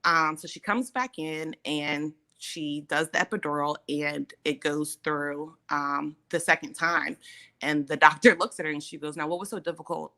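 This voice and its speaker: In a deep voice at normal speed, a woman hosting an easygoing chat animatedly shares something that happened to her. She performs the voices of those she quotes, with laughter in between.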